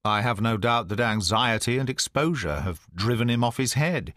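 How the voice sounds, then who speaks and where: Man voicing a commanding sharp detective, lively swooping intonation, crisp urgent delivery, dry close sound. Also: medium pitch, moderate pace, no echo, natural voice. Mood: cool. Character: sharp-minded male detective, brisk and commanding. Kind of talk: audiobook dialogue reading.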